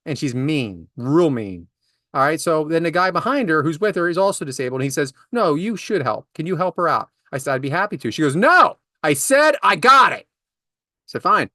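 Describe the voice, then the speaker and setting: A man's voice: on the high side, fairly bright tone, no room sound, studio quality. A man in his forties, a podcast co-host, telling comedic anecdotes about everyday annoyances in an exasperated, ranting way. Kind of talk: casual comedic storytelling.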